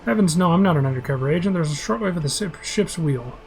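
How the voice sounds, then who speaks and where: A man's voice: fairly high pitch, expressive, quick pace, gravelly, a little hiss or hum, low-quality recording. A man reading a role-playing game's dialogue aloud in a plain voice, with small slips and restarts. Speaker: game describer.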